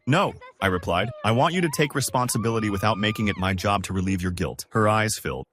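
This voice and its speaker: Lively-voiced male story narrator. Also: fairly low pitch, a little fast, few pauses. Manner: steady storytelling, lines read one after another. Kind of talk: scripted first-person story narration.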